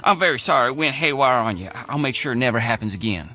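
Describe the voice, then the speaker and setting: A man's voice: medium pitch, expressive, fast talker, bright, forceful tone, faint music behind. An actor playing an easygoing, apologetic middle-aged male mechanic who talks in a folksy rural drawl, in a video game. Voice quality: rural drawl, slangy grammar.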